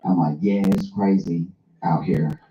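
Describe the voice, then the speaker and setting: A man hosting a casual talk, telling a funny story in a dry, deadpan way. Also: low voice, unhurried, background noise. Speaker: host. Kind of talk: comic storytelling. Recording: roomy, slightly dull recording.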